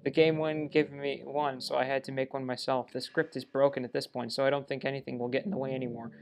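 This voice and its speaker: A man's voice: medium pitch, little pitch movement, quick pace, a little mellow, close to an everyday voice. A man reading an obsessive, lovestruck young woman from a video game, his voice sitting in a middle register. He reads the lines plainly, tripping over a word now and then, with a faint hiss underneath. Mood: adoring. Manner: reads character lines in his own voice with small stumbles. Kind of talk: let's play reading game dialogue aloud.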